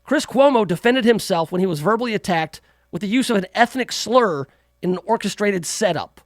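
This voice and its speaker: A man's voice: high voice, expressive, a little fast, dry recording, studio quality. A man hosting a talk radio show, giving sarcastic, mocking political commentary.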